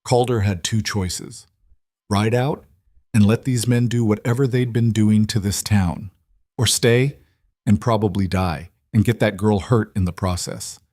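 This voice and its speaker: A man narrating a western story in a measured, grave storytelling manner. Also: fairly low pitch, a little mellow, dry recording, clean studio sound.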